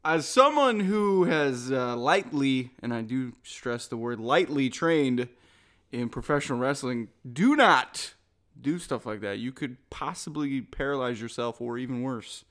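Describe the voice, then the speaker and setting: A man co-hosting a podcast, bantering and joking in an animated, casual way. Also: medium pitch, normal speed. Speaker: co-host and wrestling commentator. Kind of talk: casual chat.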